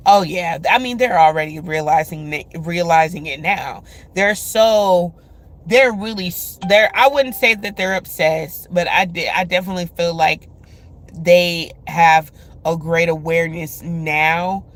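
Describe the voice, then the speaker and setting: A woman's voice: lowish voice, lively intonation, normal speed. A woman hosting a love reading, talking casually to her viewers with lots of filler words. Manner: chatty, many filler words; speaks to viewers directly.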